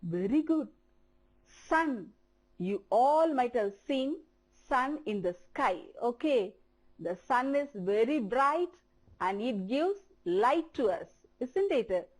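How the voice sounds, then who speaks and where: A female teacher with an Indian English accent leads a primary-school English class on television. She talks slowly, repeating words for the kids to echo, in a voice on the high side with big pitch swings.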